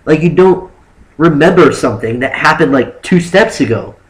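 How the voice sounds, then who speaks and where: A young man telling a story casually on his vlog, animated and rambling, with lots of "like" fillers. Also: on the high side, moderate pace, low-quality recording. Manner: acts out exaggerated quotes of himself and others. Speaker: vlogger.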